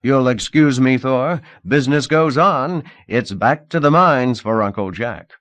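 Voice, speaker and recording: A man doing a brisk, jovial businessman. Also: mid-range voice, fairly bright tone, no room sound, pitched above the performer's own voice, lightly acted.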